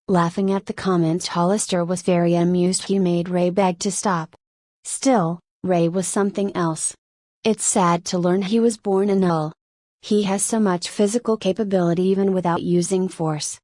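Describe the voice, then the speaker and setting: A woman narrating a light novel audiobook in the first person with an even, steady delivery. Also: lowish voice, moderate pace, no echo, studio quality.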